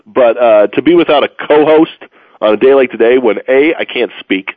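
A man's voice: mid-range voice, normal speed, no echo. A man hosting a casual sports talk radio show, rambling and joking with plenty of fillers, tired from moving. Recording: phone-like, dry radio audio.

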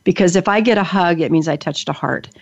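A woman's voice: fairly low pitch, fast, creaky, husky. An older woman hosting an interview show, chatty and enthusiastic, often restarting her sentences. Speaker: podcast host. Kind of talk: casual interview chat. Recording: dull lo-fi audio.

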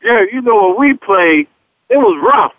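A man co-hosting a casual sports talk radio show, animated, asking his partner questions and retelling conversations. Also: high-pitched, a little slow, no room sound. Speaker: sports talk show co-host, former player. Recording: dry, tinny phone-like radio sound.

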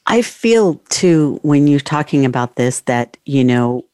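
A woman's voice: deep voice, animated, a little slow, a little mellow, clear, resonant tone, dry recording, clean studio sound. A woman hosting a casual chat, speaking earnestly and reflectively.

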